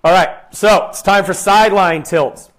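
A young male fitness coach with a high voice leads a guided exercise session at normal speed, counting reps aloud and offering short, upbeat cues. He keeps his voice quiet so he isn't shouting into the mic.

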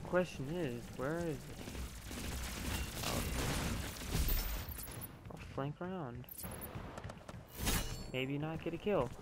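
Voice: medium pitch, slow pace, long pauses, very noisy. A gamer giving playful gameplay commentary, humming, swearing and reacting to the match. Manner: playful, swears and hums to himself. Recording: loud game gunfire behind.

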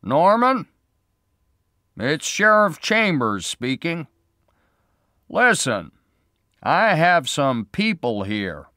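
A man playing a patient small-town sheriff who asks questions in a measured way. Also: a little high, big pitch swings, bright, forceful tone, dry recording, studio quality, voice pushed up, full character voice. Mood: explaining.

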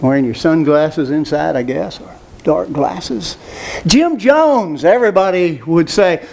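A man's voice: fairly high pitch, lively intonation, measured pace, gravelly. A man preaching a sermon, who speaks emphatically, asks rhetorical questions and repeats phrases.

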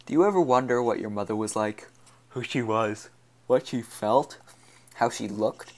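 A man's voice: medium pitch, moderate pace, close to an everyday voice. A man reading the part of a troubled young woman in an audiobook, with a trembling, scornful delivery. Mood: bitter.

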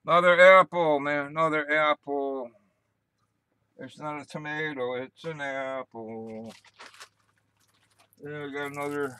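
An older man hosting a casual livestream, rambling and repeating himself, gruff and cursing mildly as he wanders between stories. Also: fairly high pitch, steady tone, a little slow, pauses often, sharp tone, no echo. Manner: repetitive, meandering, gruff with mild cursing. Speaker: livestream host. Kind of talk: rambling casual live chat.

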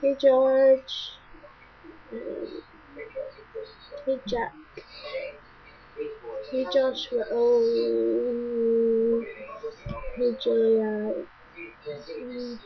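Gravelly young Scottish woman, lo-fi webcam. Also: fairly high pitch, little pitch movement. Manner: rambling, chatty, fast-talking. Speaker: vlogger. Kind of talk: casual webcam shout-outs. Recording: dull lo-fi webcam audio.

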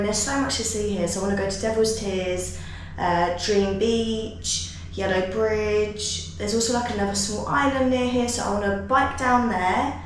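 A woman's voice: on the high side, a little hiss or hum. A young woman chatting casually as she vlogs her travels, gushing over what she sees. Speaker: travel vlogger. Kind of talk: casual travel vlog narration.

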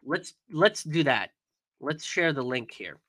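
A young man talks through a casual commentary stream, getting angry and swearing, with lots of fillers and restarts. His voice sits a bit high and comes across bright and forceful. The sound is dry and close. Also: sing-song, takes it slowly, no echo. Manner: angry, profane, emphatic with many fillers.

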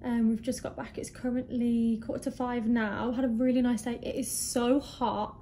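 A woman's voice: a little high, moderate pace. Young woman vlogging her hotel room, kinda breathless, gushing over everything, bit of faint noise behind. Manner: chatty, bubbly, easily excited. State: slightly out of breath. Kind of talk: casual travel vlog. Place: hotel room in hot weather.

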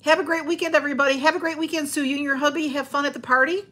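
A woman's voice: sits high, fairly even intonation, racing, bright, forceful tone, slight background noise. A woman chatting on a livestream from home, rambling and greeting viewers by name as she reads their comments. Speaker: livestream host. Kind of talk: casual livestream chat.

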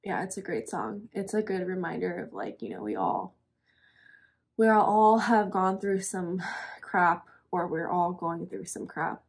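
Breathy young woman rambling through a reaction. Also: on the low side, animated, measured pace. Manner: emotional, rambling, many fillers like "um" and "literally". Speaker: reaction video host. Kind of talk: casual reaction commentary.

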